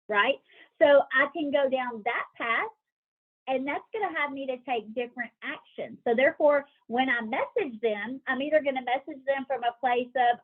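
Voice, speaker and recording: A woman's voice: high-pitched, normal speed, husky. Upbeat woman leading a team call, tinny line. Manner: animated, acts out inner voices, asks the group questions. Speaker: team leader coaching a sales team. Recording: tinny phone-like call audio.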